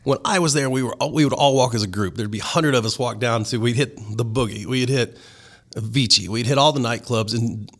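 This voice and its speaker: A Southern-accented man talks quickly and with excitement, laughing and swearing freely. He chats casually as a DJ guest on a podcast. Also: mid-range voice. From Texas.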